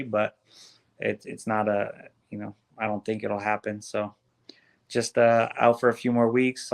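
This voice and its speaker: A man speaking as a guest fighter in a casual video-call interview, relaxed and halting, with many restarts. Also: lowish voice, creaky.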